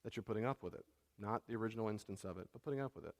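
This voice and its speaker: A man's voice: lowish voice, racing. Middle-aged pastor guy preaching, chatty, says things twice, long hall echo. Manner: conversational, repeats key phrases, self-deprecating asides. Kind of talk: sermon.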